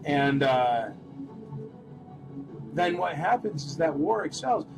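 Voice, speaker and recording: A man hosting a live-stream toy auction, chatting in a rambling, animated way and calling out bids. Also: on the high side, slow, music in the background, poor audio.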